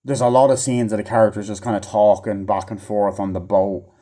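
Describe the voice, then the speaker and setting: A man's voice: lowish voice, little pitch movement, fairly quick, dark tone. A man giving a casual, rambling movie review, swearing often and mimicking characters in mocking voices. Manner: rambling, profane, acts out scenes in mocking voices.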